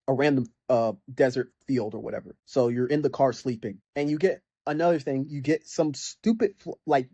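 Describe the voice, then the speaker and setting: A young man's mid-range, dark-toned voice carries a casual video game rant without any echo. He rambles with frequent fillers and mocks the characters in exasperated bursts.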